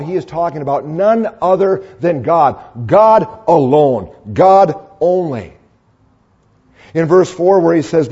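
A man preaching with earnest, measured emphasis. His voice sits a little high, with a mellow, husky tone. The recording is slightly dull and lo-fi. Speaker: pastor. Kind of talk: sermon.

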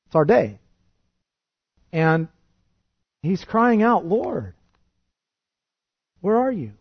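A man preaching a sermon in an earnest way, building to emphatic peaks and then dropping soft and low. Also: muffled recording.

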